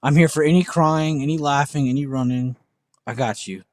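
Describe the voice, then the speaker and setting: A man's voice: on the high side, moderate pace, darkish tone. A man hosting a live trading stream, chatting casually and talking to his dog between comments. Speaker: livestream trading host.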